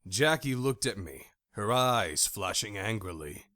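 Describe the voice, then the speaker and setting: A male audiobook narrator reading in the first person, with a low voice and a lively, animated delivery. The recording is close and dry. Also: measured pace, dry recording. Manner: expressive, animated character reading.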